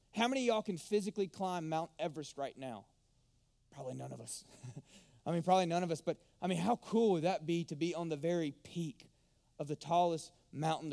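Man, pastor preaching, emphatic, slightly high voice, swings from loud to hushed. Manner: animated, emphatic, drops to hushed tones. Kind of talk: sermon.

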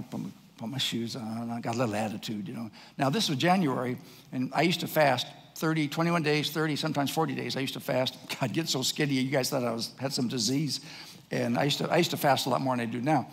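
A man's voice: on the high side, gravelly. A middle-aged man preaching a sermon as pastor, telling a story and acting out the voices of others, laughing often. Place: large church hall. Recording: echoey church hall, faint noise.

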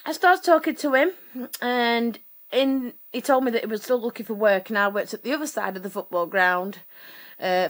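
A woman, from Sheffield, telling a personal story to camera in a rambling, chatty way full of fillers and self-corrections. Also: mid-range voice. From Sheffield, England. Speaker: vlogger.

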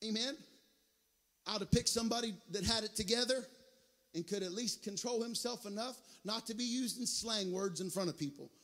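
A man preaching a revival sermon as guest pastor in a church. He prods the congregation with "can I tell you" and builds into a shouted, chanting preacher's cadence. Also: high-pitched, normal speed, big-room sound. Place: church sanctuary.

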